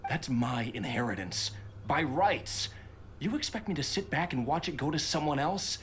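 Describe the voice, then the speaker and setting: An actor playing a bitter, resentful son in a game who talks coldly and grudgingly. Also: male voice, fairly high pitch, expressive, moderate pace, a bit bright, slight background noise. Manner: cold, grudging.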